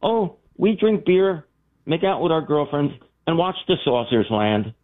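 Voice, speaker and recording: Bored, matter-of-fact rural teenage boys, as a male caller imitates them. The voice sits high and lively. It comes through a thin telephone line. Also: brisk, vocal fry, exaggerated voice. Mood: blasé. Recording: tinny phone line.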